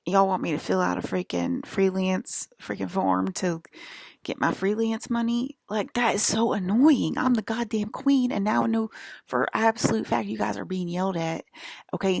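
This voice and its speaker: A woman's voice: medium pitch, fairly even intonation, normal speed, vocal fry, a little mellow, no echo, studio quality. A woman talking to camera in a rambling, emphatic monologue, swearing and checking in with "okay?" after her points. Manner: emphatic, profane, keeps asking "okay?". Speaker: vlogger.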